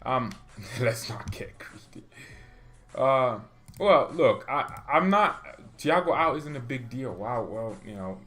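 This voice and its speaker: Irritated guy ranting on his fan stream, laughing a lot, mid-pitched voice. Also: expressive, slow, a bit bright. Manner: exasperated, ranting, laughs often. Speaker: fan channel host. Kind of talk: live-stream rant reading chat.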